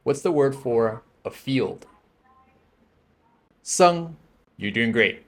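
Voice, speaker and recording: Guy teaching a language lesson, calm and patient, says words for u to repeat. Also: mid-range voice, unhurried, gravelly. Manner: patient, coaching, models words for repetition.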